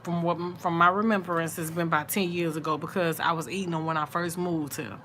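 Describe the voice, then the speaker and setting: A middle-aged woman talks on a late-night livestream, sleepy and yawning. Her voice sits a little low, and she draws her words out in an easy, chatty way with soft murmured asides. A faint hiss runs underneath. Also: fairly even intonation, a little fast. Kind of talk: casual late-night chat with viewers.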